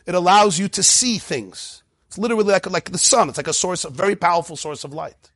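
High-voiced animated male Torah teacher. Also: fairly quick, no room sound, studio quality. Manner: animated, acts out dialogues in changing voices; mixes Hebrew text readings with English explanation. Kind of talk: lively Torah class lecture.

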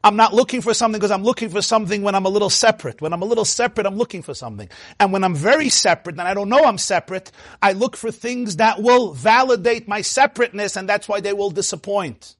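In a Torah lecture, a rabbi tells stories and acts out quoted speech with big leaps in pitch and volume, thinking aloud and restarting as he goes. He talks fast, and the studio recording is clean with no echo.

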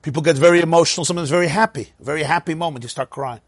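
A middle-aged man giving a Torah lecture, animated, often asking rhetorical questions and repeating words as he explains. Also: fairly high pitch, very fast, breathy edge, no echo, clean studio sound. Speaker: teacher of Torah.

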